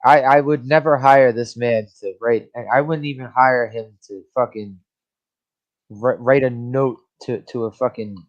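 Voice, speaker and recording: A man's voice: medium pitch, steady tone, unhurried, dull audio. A man co-hosting a casual movie podcast, blunt and profane, riffing in ranting asides. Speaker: podcast co-host.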